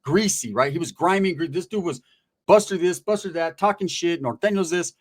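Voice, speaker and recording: Male storyteller, streetwise and profane, animated delivery, slightly high pitch. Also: a little fast. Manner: profane, streetwise, animated, acts out quoted voices. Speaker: guest recounting prison stories. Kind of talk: casual storytelling.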